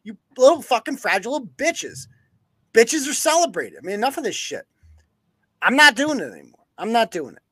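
A man's voice: very high-pitched, big pitch swings, brisk, fairly bright tone, breathy edge, no echo. A man hosting a live news-commentary podcast, ranting with heavy profanity and sarcasm. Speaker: podcast host.

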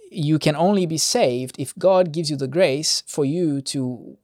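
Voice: medium pitch, darkish tone, dry recording, clean studio sound. A Bible teacher giving a casual Bible study, reading scripture aloud and adding light-hearted, conversational commentary with frequent restarts.

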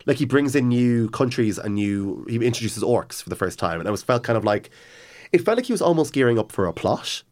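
A man's voice: medium pitch, sing-song, fairly quick, darkish tone. A man in casual chat, enthusiastically retelling a novel's story with lots of restarts and asides. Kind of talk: casual chat about books.

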